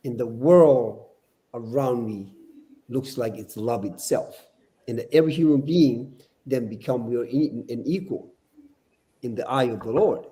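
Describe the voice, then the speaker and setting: Older guy preaching on a podcast, mellow voice, stumbles and repeats himself a lot. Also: mid-range voice, a little slow. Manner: earnest, preachy, repeats words. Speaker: podcast guest. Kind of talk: casual podcast discussion.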